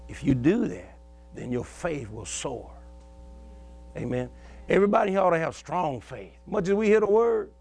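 A man's voice: on the high side, big pitch swings, normal speed, vocal fry, darkish tone, slightly rough, soft background music. A male pastor, preaching a sermon in a folksy call-and-response style and telling stories from his own life.

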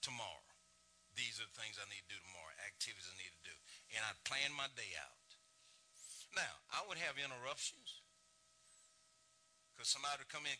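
A man's voice: medium pitch, lively intonation, a little fast, pushed and bright. A middle-aged man preaching a sermon as pastor, folksy and rising and falling in his delivery.

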